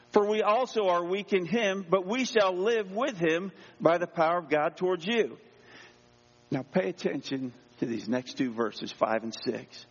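Pastor, male, high-pitched, preaching with energy; dull recording in a reverberant church hall. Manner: energetic, exclaiming, calls for amens. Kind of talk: sermon. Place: church sanctuary. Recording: dull sound in a long-echo hall.

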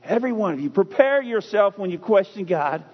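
A man preaching a sermon as pastor, emphatic, with dramatic pauses and repeated lines. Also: sits high, animated, husky. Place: church sanctuary. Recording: muffled lo-fi sound in a reverberant hall.

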